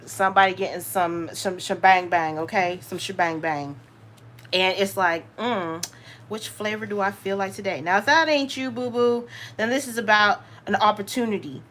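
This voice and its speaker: A woman with a Southern US accent, hosting a live tarot reading. She talks in an animated, slangy way, straight to her viewers. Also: mid-range voice, normal speed, a little hiss or hum. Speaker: tarot reader, channel host.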